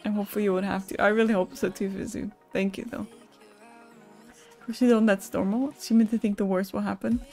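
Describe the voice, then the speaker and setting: A woman live-streaming, talking openly and emotionally with her chat at a middling pitch. She swears freely and reads viewer messages aloud. Faint music plays behind her. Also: steady tone, brisk, a little mellow. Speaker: Twitch streamer.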